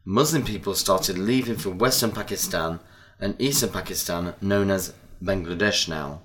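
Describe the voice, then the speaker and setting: A man reading scripted lesson narration and word lists in a slow, deliberate way. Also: low voice, fairly bright tone, slight background noise. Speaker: narrator of language-lesson audio.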